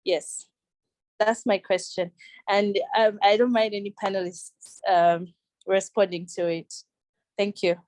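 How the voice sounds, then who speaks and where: Slow, earnest young woman. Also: medium pitch, fairly even intonation, darkish tone, no room sound, poor audio. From Uganda. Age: young adult. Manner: earnest, searching for words, restarts. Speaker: audience member asking a question. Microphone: video call.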